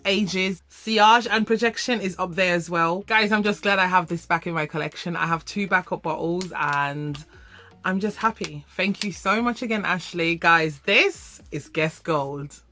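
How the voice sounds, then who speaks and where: Bright-voiced woman reviewing perfumes. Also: on the low side, moderate pace, soft background music. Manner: animated, emphatic, repeats for emphasis. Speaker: fragrance reviewer.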